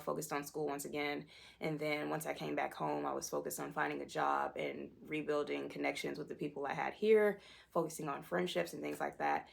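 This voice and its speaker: A woman's voice: sits low, gravelly. A young woman in her twenties, talking candidly about her life in a personal vlog. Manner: candid, self-deprecating, candid storytelling. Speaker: vlogger.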